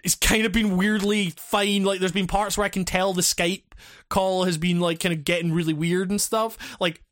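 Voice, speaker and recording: A man's voice: high-pitched, flat delivery, normal speed, fairly bright tone, dry recording, studio quality. A man co-hosting and editing a podcast over a call, talking in a rambling, swear-filled, laughing way. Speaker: podcast co-host and editor. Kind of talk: casual podcast chat. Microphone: remote call.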